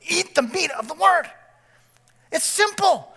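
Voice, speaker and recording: Bright, high-voiced male pastor preaching. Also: measured pace. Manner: animated storytelling with frequent "okay?" check-ins. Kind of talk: sermon.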